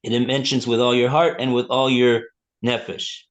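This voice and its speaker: A male rabbi teaching a text class. He reads passages aloud and translates them in a halting way, with many fillers and restarts. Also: mid-range voice, level tone. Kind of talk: slow text study, reading and translating.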